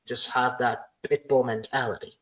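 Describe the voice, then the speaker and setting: A man's voice: mid-range voice, little pitch movement, moderate pace, fairly bright tone, close to an everyday voice, low-quality recording. A man putting on a pushy gym coach who urges a trainee to work harder. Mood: pushing.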